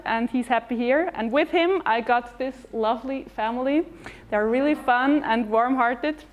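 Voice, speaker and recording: Lively woman giving a stage talk. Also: fairly high pitch. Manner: lively, chatty, with fillers and restarts. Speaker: speaker at a talk event. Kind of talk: short presentation talk. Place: event hall.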